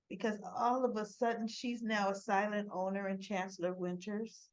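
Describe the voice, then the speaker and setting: A woman talks through a soap opera episode in a casual, rambling way, acting out bits of dialogue along the way. Her pitch sits at a middling level, and the recording sounds dull and lo-fi. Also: level tone, normal speed, hardly any pauses. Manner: chatty, rambling retelling with acted quotes. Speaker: soap opera recap vlogger. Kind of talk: casual recap chat.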